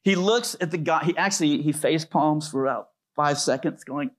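A pastor preaching a sermon in a loose, conversational way, telling stories with plenty of fillers. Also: male voice, on the high side, normal speed. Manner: conversational storytelling with many fillers.

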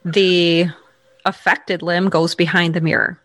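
A rehabilitation expert explaining a treatment step by step in conversation, with quick small restarts. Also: medium pitch, level tone, fairly bright tone, no echo.

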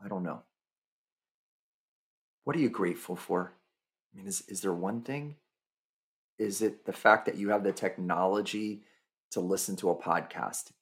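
A man's voice: lowish voice, slightly rough. A man hosting a podcast, speaking earnestly and directly to the listener in a motivational monologue. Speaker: podcast host.

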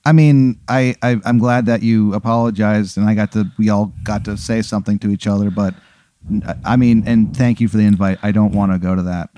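Stammery guy, low mellow voice, dry close sound. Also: fairly even intonation, brisk, no room sound. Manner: stammering, incredulous. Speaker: podcast co-host. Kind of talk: casual chat.

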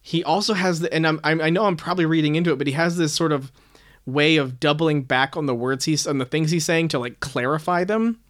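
A man co-hosting a relaxed book chat, musing aloud and second-guessing his own points. His voice sits somewhat high for a man. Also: brisk. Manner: thoughtful, self-questioning. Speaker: podcast co-host. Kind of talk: casual book-discussion chat.

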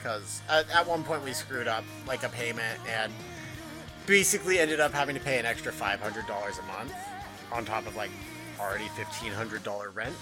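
A man's voice: medium pitch, a little fast, over music. A man co-hosting a podcast in casual chat, laughing and swearing often, with many restarts. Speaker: podcast co-host.

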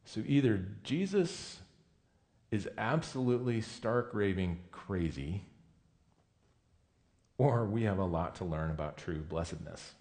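A pastor preaches a sermon in a conversational but emphatic style, often correcting himself mid-sentence. His voice is fairly low, expressive and a little mellow, and he takes his time with long pauses.

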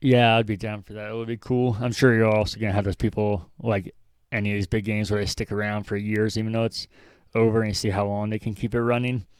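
A young man with a low, smooth voice hosting a relaxed gaming podcast. He thinks out loud and rambles through his points, poking fun at himself. The sound is dry and close. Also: quick pace, no echo. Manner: rambling, self-deprecating, thinks aloud. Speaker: podcast host. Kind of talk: casual chat.

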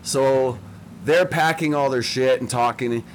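A man's voice: mid-range voice, unhurried, slight background noise, poor audio. Rambling, profane young man. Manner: profane, rambling, self-mocking. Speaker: storyteller. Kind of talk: casual storytelling chat.

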